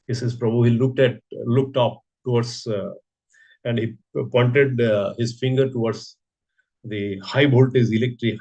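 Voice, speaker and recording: A man's voice: fairly low pitch, darkish tone, dull audio. A man giving a sermon, telling a story and asking rhetorical questions. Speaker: preacher giving a scripture class.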